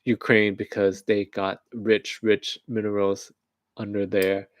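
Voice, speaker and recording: A man's voice: fairly low pitch, little pitch movement, slow pace, dry recording. A man from the United States giving rambling, joking current-events commentary on a livestream, often laughing at his own jokes.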